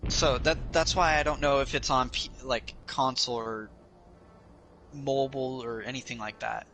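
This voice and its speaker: A man's voice: mid-range voice, fairly even intonation, moderate pace, pushed and bright, slight background noise. A man chatting casually on a gaming show, hesitant and searching for words. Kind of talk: casual chat.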